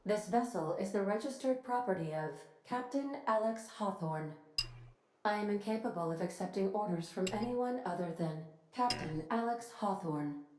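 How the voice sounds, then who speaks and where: A woman voicing a polite, literal-minded female ship computer in a video game, speaking in a formal, precise, evenly measured way. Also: medium pitch, darkish tone, a little hiss or hum, natural voice. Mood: courteous. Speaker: ship's AI. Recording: echoey game audio with faint music.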